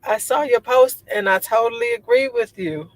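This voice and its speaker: Chatty low-voiced woman on a livestream. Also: animated, normal speed, rough recording. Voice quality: low voice she says sounds like a man's. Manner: chatty and rambling, laughs often, many fillers. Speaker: livestream host. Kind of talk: casual livestream chat reading viewer comments.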